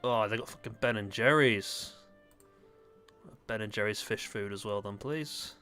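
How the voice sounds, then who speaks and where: A man's voice: on the low side, a little slow, pushed and bright, faint music behind. A man chatting casually while playing a game, joking, swearing and laughing often. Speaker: gaming video host. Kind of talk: casual chat while gaming.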